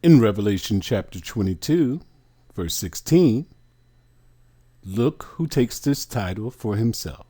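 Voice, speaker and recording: Slow, mellow-voiced male bible teacher. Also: fairly low pitch, expressive. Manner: deliberate, reads definitions aloud, drawn-out phrases; addresses listeners as brothers and sisters. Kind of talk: slow scripture study teaching.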